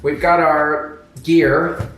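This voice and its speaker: A man as an interview guest, telling stories in a lively, upbeat way. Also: on the high side, very slow. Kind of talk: casual interview chat. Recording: echoey, distant mic with faint music.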